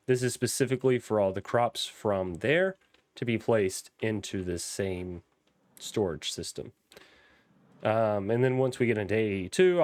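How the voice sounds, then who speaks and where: A man's voice: fairly low pitch, no echo. A young man with a Southern accent, rambling through casual gameplay commentary with frequent ums and restarts. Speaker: Minecraft modpack let's player.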